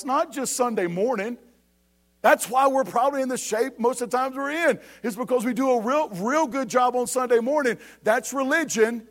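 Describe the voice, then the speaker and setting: A man's voice: high voice, normal speed. A man, preaching a sermon to a church and breaking in often to ask if the congregation is ready. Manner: preaching with rising emphasis and repeated calls of "you ready?". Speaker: pastor.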